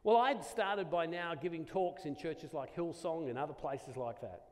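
An Australian man giving a Catholic talk to a live audience, animated and self-deprecating, acting out the dialogue in his story. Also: fairly high pitch, moderate pace. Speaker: Catholic speaker at a church gathering. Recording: long reverb of a large hall.

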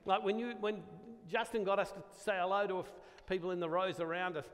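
An Australian man giving a Catholic talk to a live audience, animated and self-deprecating, acting out the dialogue in his story. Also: high-pitched, fast. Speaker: Catholic speaker at a church gathering. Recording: long reverb of a large hall.

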